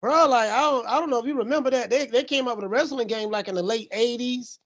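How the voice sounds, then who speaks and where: A man's voice: very high voice, fast, fairly bright tone, lo-fi sound. A man co-hosting a podcast in casual chat, reminiscing in a rambling, slangy way with lots of fillers. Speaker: podcast co-host.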